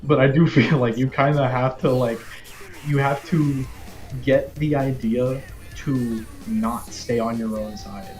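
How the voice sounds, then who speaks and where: A man's voice: mid-range voice, fairly even intonation, unhurried, darkish tone, faint music behind. A young man chatting casually on a stream, rambling and hedging with lots of "like". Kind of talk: casual chat.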